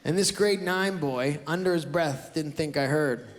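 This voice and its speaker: This Canadian comedian speaks a little slowly in a high male voice, telling brash, loud stories with acted-out outbursts. He's doing stand-up before a live crowd on a large theater stage. The recording is roomy, and audience laughter fills the background.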